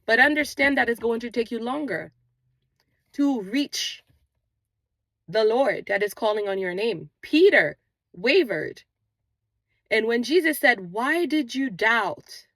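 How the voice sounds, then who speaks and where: A woman with a slightly high, somewhat bright voice hosts a manifestation channel, recorded outdoors on a walk with no echo. Her earnest spiritual motivation comes in a repetitive, sermon-like rhythm, and she refers to her own non-native English accent, whose origin goes unstated.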